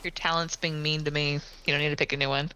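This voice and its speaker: A woman's voice: deep voice, level tone, quick pace, pushed and bright, slight background noise, rough recording. A woman hosting a live game stream, chatting casually and offhandedly with friends while building, now and then swearing. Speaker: streamer host. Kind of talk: casual chat while gaming.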